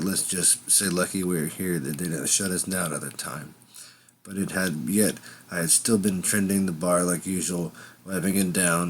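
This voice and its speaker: Deep-voiced man rambling through a tale. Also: slight background noise. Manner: rambling, conversational asides. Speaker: storyteller. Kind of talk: improvised fiction narration.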